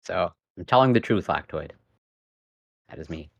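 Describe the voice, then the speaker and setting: Man, low voice, relaxed, easygoing, casual chat, video call. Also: normal speed, vocal fry, lo-fi sound. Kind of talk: casual chat on a live stream.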